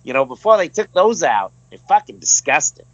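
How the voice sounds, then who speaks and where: A man voicing a crude, loud man from Boston with a Boston accent, swearing brashly. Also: a little high, very animated, fairly quick, highs cut off, slight background noise. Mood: disgusted. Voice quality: brash, profane.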